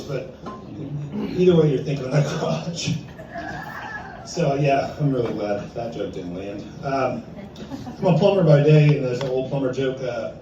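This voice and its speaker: A man's voice: mid-range voice, noisy background. A man in his fifties doing a stand-up set at an open mic in a bar-restaurant, self-deprecating and chuckling at his own jokes. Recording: echoey room, distant and dull.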